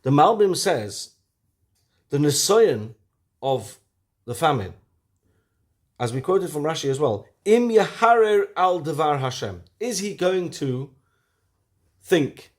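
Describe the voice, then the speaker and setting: A man teaching a weekly Torah lesson, lively, asking rhetorical questions and swinging from loud to hushed. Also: a little high, slow pace, pauses often.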